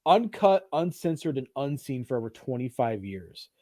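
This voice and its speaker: A man co-hosting a casual film chat show, animated and swearing freely. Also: medium pitch, normal speed, dry recording, clean studio sound. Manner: animated, swears freely, does mocking put-on voices. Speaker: podcast co-host. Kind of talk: casual chat about films.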